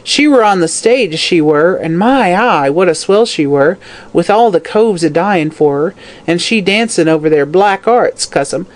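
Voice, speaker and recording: A narrator voicing a dying, drunken old slum woman who croaks, snarls and curses. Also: medium pitch, animated, measured pace, close to an everyday voice. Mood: bitter. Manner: snarling, cursing, whining. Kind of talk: audiobook character voice.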